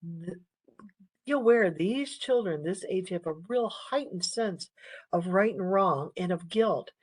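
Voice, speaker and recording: A woman's voice: lowish voice, lively intonation, measured pace, no echo. A middle-aged woman giving a casual nursing lecture, chatty and full of stories, laughing often. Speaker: nursing instructor.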